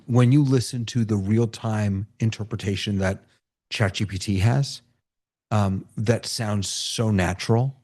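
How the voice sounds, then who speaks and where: A man hosting a casual video call, excitable, laughing often and restarting his sentences. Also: on the low side. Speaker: host of a video-call tech meetup. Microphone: computer mic on a video call.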